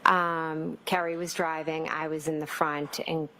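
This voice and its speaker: A woman's voice: sits low, little pitch movement, unhurried, bright, forceful tone, slight background noise, low-quality recording. A woman giving courtroom testimony as a witness, hesitant, with many fillers and restarts. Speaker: trial witness.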